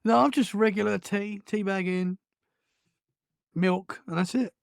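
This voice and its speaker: A woman's voice: medium pitch, measured pace, vocal fry, no room sound, studio quality. A British woman co-hosting a casual podcast chat, easygoing and laughing often. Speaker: podcast co-host.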